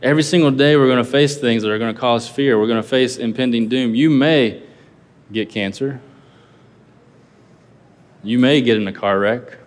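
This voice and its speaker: A man's voice: mid-range voice, moderate pace, long pauses. Preaching man in a reverberant hall. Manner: earnest preaching with rhetorical questions. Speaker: pastor. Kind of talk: sermon. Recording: long reverb of a large hall.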